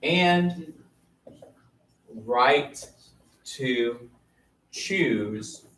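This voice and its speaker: A man lectures his class in a relaxed, chatty way, drawing out his phrases. He sounds set back from the microphone in an echoey room, with a faint hiss underneath. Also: mid-range voice. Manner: casual, chatty, drawn-out phrasing. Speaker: teacher. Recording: roomy, distant mic, faint noise.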